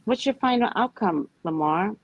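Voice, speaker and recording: A woman co-hosting a live tarot reading, chatting casually and telling stories in an animated, expressive way. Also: mid-range voice, normal speed, no room sound, dull audio. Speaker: tarot reader co-host.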